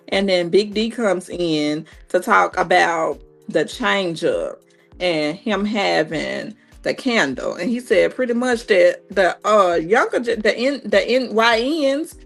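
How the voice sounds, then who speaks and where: A woman in her thirties giving a casual, animated reality TV recap, acting out what the cast said in a higher voice. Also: gravelly. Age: 30s.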